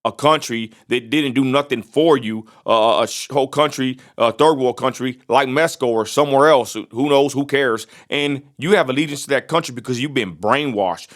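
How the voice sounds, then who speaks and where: A man's voice: mid-range voice, lively intonation, normal speed, fairly bright tone. A man from Texas, ranting bluntly in a vlog and repeating himself for emphasis. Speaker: vlogger.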